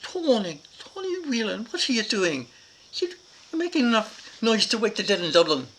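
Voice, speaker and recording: A man voicing his brisk, kindly mother who scolds and then soothes. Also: low-pitched, lively intonation, a bit bright, a little hiss or hum, pitched above the performer's own voice, low-quality recording. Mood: scolding. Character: brisk Irish mother, older woman, kindly.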